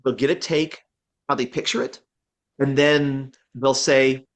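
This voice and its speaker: A male voice actor, appearing as an interview guest, chats casually in a mid-range voice at a measured pace. He rambles with many restarts and fillers and acts out quotes in an animated way.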